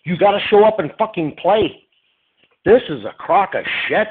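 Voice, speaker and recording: A man's voice: sits high, expressive, normal speed, breathy edge. A man calling in to a radio show, venting his frustration with plenty of swearing. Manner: frustrated, profane, exasperated. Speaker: caller. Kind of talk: angry fan rant. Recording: tinny phone line.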